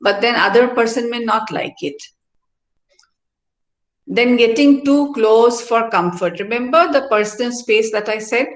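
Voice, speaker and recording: A woman's voice: a little high, measured pace. A middle-aged woman, a professor giving a classroom lecture and often checking in with "all right?". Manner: explanatory, asks tag questions like "no?" and "all right?". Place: university activity centre hall. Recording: roomy hall echo.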